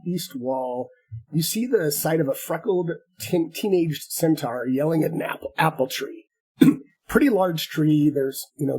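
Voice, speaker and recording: Guy gm narrating a tabletop game, kinda husky, trips over his words a lot. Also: a little high, a little mellow, poor audio. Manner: halting, repeats words often. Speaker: game master.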